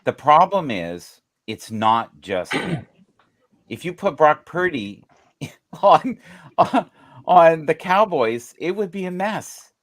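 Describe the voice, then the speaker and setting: A man chatting casually about football on a podcast, animated and joking, with the odd swear. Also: on the high side, slow pace. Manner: animated, swears, jokey asides. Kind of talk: casual sports chat.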